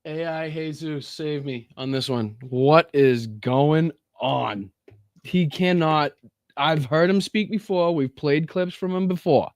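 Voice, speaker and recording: A man's voice: fairly high pitch, a little slow, clear, resonant tone, no echo, clean studio sound. Mocking, laughing male stream host. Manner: mocking, profane, laughs often. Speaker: livestream host. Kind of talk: live commentary reacting to clips.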